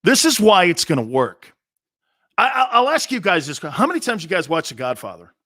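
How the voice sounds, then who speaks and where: A man's voice: high-pitched, sing-song, a little fast, sharp tone, no echo, studio quality. A man in his fifties hosting a sports talk show, telling stories in a blunt, fired-up way, often repeating himself and cutting in with asides. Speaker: sports radio host. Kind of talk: opinionated talk-show monologue.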